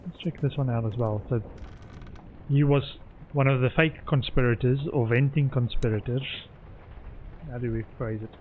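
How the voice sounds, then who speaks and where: A man's voice: medium pitch, moderate pace, pauses often, a little hiss or hum. A man streaming a game, thinking aloud as he puzzles over clues. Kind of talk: gameplay commentary. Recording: muffled lo-fi sound with faint game music.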